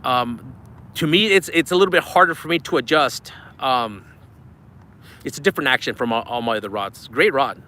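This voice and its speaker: Streaming live from a riverbank, a man hosts a fishing broadcast and reads out super chats, sounding chatty, grateful, and slightly out of breath. His medium-pitched voice is animated and pushed bright at a normal speed, with a faint hiss or hum.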